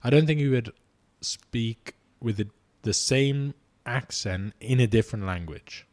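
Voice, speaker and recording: A man's voice: mid-range voice, unhurried, a little mellow. A man co-hosting a podcast, chatting casually and rambling with frequent restarts. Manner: rambling, restarts and trails off mid-thought. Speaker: podcast co-host. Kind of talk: casual chat.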